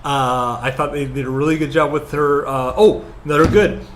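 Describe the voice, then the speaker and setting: A man co-hosting a casual movie review chat, rambling and hesitant with lots of fillers, then growing animated. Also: fairly high pitch, normal speed, noisy background. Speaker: podcast co-host.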